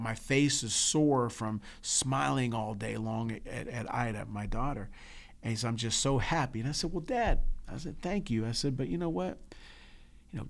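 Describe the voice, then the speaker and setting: A man's voice: mid-range voice, vocal fry. Man telling an emotional story. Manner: emotional storytelling, halting restarts. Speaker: podcast co-host. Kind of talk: casual chat.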